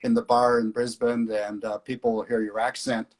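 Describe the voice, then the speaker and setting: A man's voice: mid-range voice, moderate pace. Chatty man telling travel stories. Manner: relaxed storyteller, hesitant fillers. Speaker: flying tour organizer. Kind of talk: casual interview talk.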